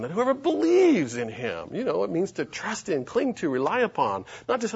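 A man preaching a sermon and reading scripture aloud, emphatic and animated. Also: high voice, brisk, creaky, hardly any pauses, husky, dull audio.

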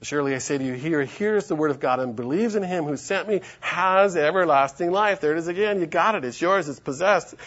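A man preaching a sermon and reading scripture aloud, emphatic and animated. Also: fairly high pitch, brisk, hardly any pauses, lo-fi sound.

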